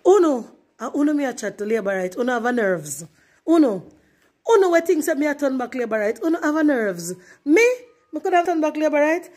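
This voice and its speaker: A Jamaican woman with a fairly high voice and a broad patois accent. She rants in a defiant, emphatic way and mocks the people she is talking about. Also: big pitch swings, fairly quick, a little mellow. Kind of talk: casual ranting.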